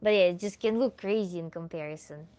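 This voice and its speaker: A woman with a Russian accent, a native Russian speaker, answering viewers live as a tantra coach in a relaxed, chatty way that is full of little laughs. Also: lowish voice, fast talker, clean tone. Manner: relaxed, chatty, laughs often, many "like" fillers. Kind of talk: livestream Q&A chat.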